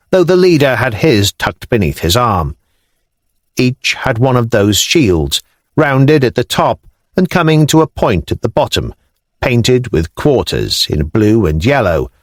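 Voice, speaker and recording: Expressive male audiobook narrator, dry sound. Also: medium pitch, dry recording. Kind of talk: scripted narration.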